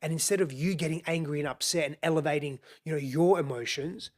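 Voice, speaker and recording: A man's voice: a little high, fast talker. A middle-aged man speaking as a podcast guest, explaining in an earnest, reflective way and repeating phrases for emphasis.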